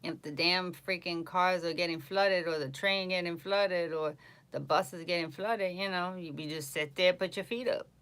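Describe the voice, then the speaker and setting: A woman's voice: lowish voice, moderate pace, a bit bright, clear, resonant tone. A woman with a New York accent, chatting casually on a livestream and answering viewers' comments as she goes. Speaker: psychic reader livestreaming.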